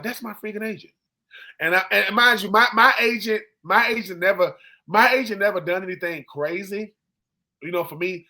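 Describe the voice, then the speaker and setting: A man in his forties co-hosting a sports podcast, telling stories casually and acting out the people he quotes. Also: sits high. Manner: animated storyteller who acts out quoted people. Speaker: co-host, former football player.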